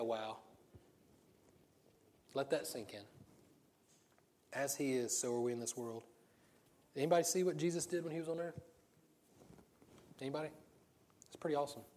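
A man's voice: medium pitch, darkish tone. Man preaching in a chatty storytelling way. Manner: conversational storytelling, rhetorical questions, frequent laughs. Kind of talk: sermon.

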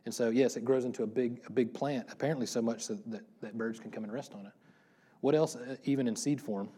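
A man's voice: medium pitch, fairly even intonation, quick pace, mellow, slightly rough. A man pastor giving a casual, interactive sermon, asking the congregation questions and laughing often. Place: church room before a congregation.

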